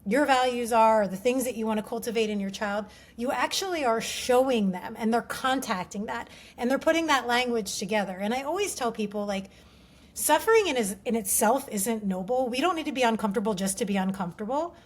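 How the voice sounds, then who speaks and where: Sex: woman. Role: parenting coach guest. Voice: raised pitch. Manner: earnest, reflective. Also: animated, brisk. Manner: earnest, reflective, storytelling with many "like" fillers. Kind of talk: casual interview chat.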